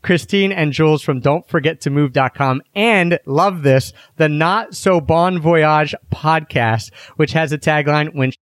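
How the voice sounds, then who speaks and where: A man's voice: a little high, unhurried, few pauses, no echo. A man hosting a podcast with an upbeat, playful energy and a slightly raised voice. He leans on his words for emphasis. The sound is dry and close. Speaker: podcast host.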